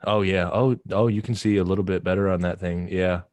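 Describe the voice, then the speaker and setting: A man's voice: low-pitched, fairly even intonation, brisk, darkish tone, no echo. A man co-hosting a casual livestream, talking in a laid-back, rambling way and often repeating words. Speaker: livestream co-host and wood craftsman. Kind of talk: casual stoner chat.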